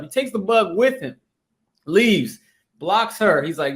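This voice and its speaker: A man's voice: sits high, normal speed. A man co-hosting a podcast, telling an improvised comedic story in a rambling, profane way with many repeated words. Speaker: podcast co-host.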